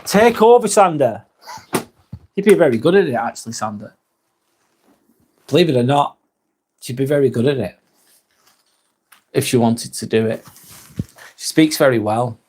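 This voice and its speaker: A man's voice: medium pitch, normal speed, long pauses, darkish tone, slight background noise. A man hosting a casual live stream on his phone, reading out viewer comments with dry jokes and casual swearing.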